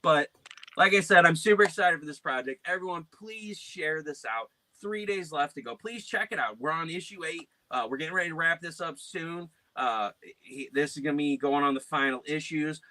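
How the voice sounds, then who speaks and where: Loud animated male podcast host. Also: on the high side, normal speed, no room sound. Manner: loud, animated storyteller who puts on silly voices. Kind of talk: casual chat.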